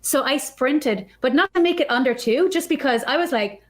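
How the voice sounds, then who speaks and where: A woman guest on a podcast, telling a story in a chatty, animated way and acting out her own thoughts. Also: high voice, moderate pace. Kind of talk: casual storytelling.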